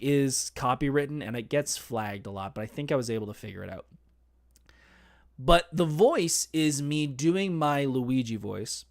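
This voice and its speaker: A man hosting a podcast, telling stories in a chatty, self-deprecating way. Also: medium pitch. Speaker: podcast host. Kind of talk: casual storytelling monologue.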